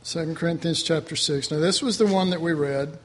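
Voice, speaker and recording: A man preaching a sermon in an animated way, swinging between loud emphasis and soft low asides, acting out voices from the texts. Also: a little fast. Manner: acts out voices of figures in the texts.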